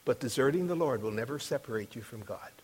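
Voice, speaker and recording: A middle-aged man preaching a sermon, emphatic, rising to loud declarations on the verses he quotes. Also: mid-range voice, animated, fast talker, breathy edge. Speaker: pastor. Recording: long reverb of a large hall.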